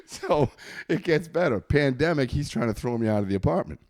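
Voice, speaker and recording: A man's voice: medium pitch, expressive, fast talker, a little mellow. A man telling a long profane story in casual podcast chat, laughing often. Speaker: comedian guest.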